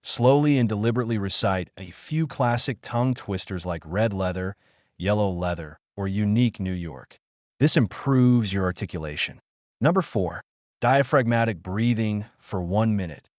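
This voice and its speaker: A man narrating an audiobook with a fairly low voice that rises and falls with plenty of movement. His delivery is measured and emphatic, like a coach laying out steps. The recording is dry and close, with no room sound. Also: expressive, darkish tone, no room sound.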